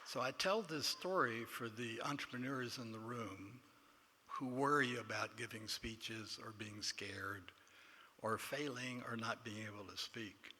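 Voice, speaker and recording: A man's voice: medium pitch, unhurried, sharp tone. Older Texan man telling a story in a hall. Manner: self-deprecating storyteller, quotes others in dialogue. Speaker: award inductee giving acceptance speech. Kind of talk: anecdotal speech. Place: large banquet hall. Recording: long hall reverb, faint room noise.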